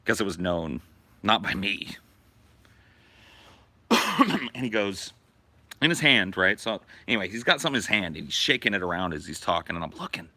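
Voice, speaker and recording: A man telling a profane story in a casual, animated way as a podcast host. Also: deep voice, normal speed, pauses often, no echo.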